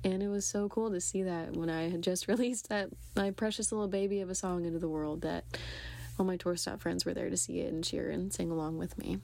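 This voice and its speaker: A woman's voice: on the low side, fairly even intonation, brisk, creaky, darkish tone. A woman singer-songwriter giving cheerful, friendly congratulations in a recorded message.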